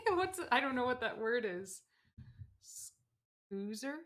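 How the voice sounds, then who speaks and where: A woman's voice: on the high side, big pitch swings, takes it slowly, a bit bright. An American woman chatting casually on a livestream while she works on a sewing project, reading out and answering viewer comments. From United States. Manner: chatty, rambling, reads chat aloud. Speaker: livestream crafter.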